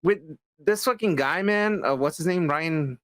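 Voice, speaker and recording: A man's voice: fairly high pitch, measured pace, a bit bright, no echo. A man co-hosting a casual podcast, rambling and swearing while reacting to movie news. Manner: rambling, repetitive, swears often. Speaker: podcast co-host. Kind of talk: casual profane nerd-news banter.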